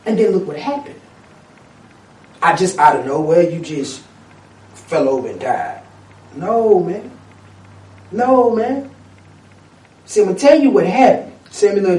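A man in casual chat, ranting in a lively, profane way with street slang. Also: high-pitched, a little slow, pauses often. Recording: echoey room, mic at a distance.

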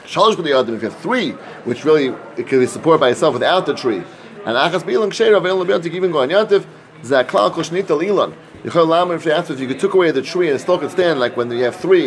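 Fast sing-song Talmud study leader. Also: male voice, on the high side. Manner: quick sing-song chanting mixed with plain explanation. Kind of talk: casual Talmud study session.

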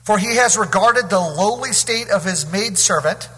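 A man's voice: high-pitched, moderate pace, pushed and bright, husky, big-room sound, low-quality recording. A man preaching a Bible study sermon, reading scripture aloud and commenting on it verse by verse.

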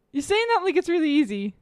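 A young woman chatting casually while playing an accent-guessing game, chatty and unsure of herself, quick to laugh. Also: high voice, darkish tone, dry recording. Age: young adult. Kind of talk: casual chat.

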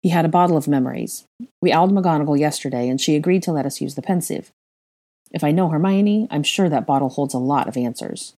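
A woman reading a young adult male wizard with a coaxing, gently insistent manner. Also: sits low, fast talker. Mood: earnest.

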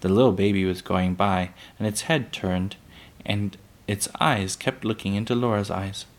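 A man reading a children's book aloud, unhurried, with small slips that he corrects. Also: lowish voice.

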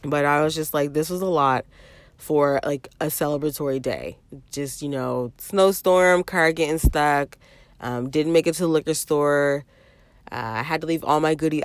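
A woman's voice: sits low, fairly even intonation, moderate pace, dry recording. A woman in her thirties telling a rambling story to her viewers in a casual vlog, repeating phrases and often calling out to them directly. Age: 30s. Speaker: vlogger.

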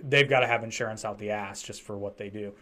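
A man from the United States with a lowish, pushed and bright voice talks fast with fairly even intonation. He's a podcast host in casual chat, rambling and opinionated, with frequent restarts.

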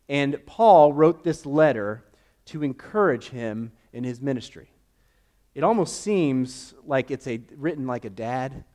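A young man preaching a sermon in a relaxed, conversational way, telling personal stories and acting out the quotes. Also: mid-range voice. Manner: conversational, animated storytelling with acted-out quotes. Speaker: pastor.

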